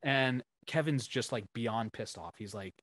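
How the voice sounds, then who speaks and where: A dry recording captures a band member on a casual podcast, recounting tour stories with plenty of swearing. His medium-pitched voice runs a little slow, and he tells his tales in an animated way, acting out what others said.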